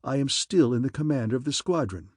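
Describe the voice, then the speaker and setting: A man's voice: mid-range voice, lively intonation, a little fast, husky, dry recording, clean studio sound. A man doing a curt, stern squadron commander. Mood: commanding. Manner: clipped, commanding.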